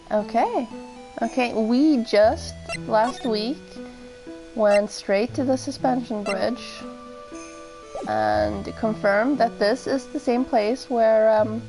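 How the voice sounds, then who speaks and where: Slow-talking woman streamer. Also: fairly high pitch, over music, rough recording. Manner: chatty, musing aloud. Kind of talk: casual let's-play commentary.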